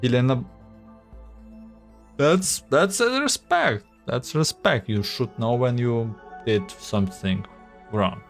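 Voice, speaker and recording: A man's voice: mid-range voice, expressive, slow, gravelly, soft background music. A man voicing a probing, intense female fortune teller who scolds and lectures in a raised voice. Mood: scolding.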